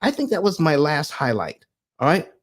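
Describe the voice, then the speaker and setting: A middle-aged man hosting a live stream, reading out viewer comments and answering them in an animated, preacher-like way. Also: a little high, normal speed. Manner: animated and preacher-like, calls for amens.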